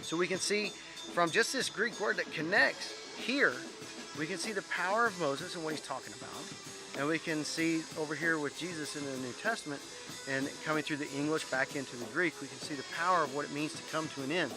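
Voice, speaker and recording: A man's voice: on the high side, brisk, music in the background. Earnest man teaching a Bible word study. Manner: earnest, reads scripture aloud, stumbles on Greek words.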